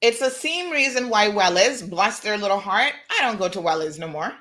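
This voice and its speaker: A woman hosting a talk show, telling a lively story and acting out the people in it. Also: mid-range voice, moderate pace. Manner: animated, acts out quoted dialogue, laughs. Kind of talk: casual monologue, storytelling.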